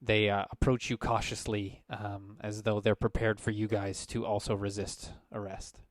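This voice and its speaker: A man's voice: fairly low pitch, level tone, normal speed, dry recording. A man running a tabletop role-playing game, narrating loosely with many fillers and brief voiced asides. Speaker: game master.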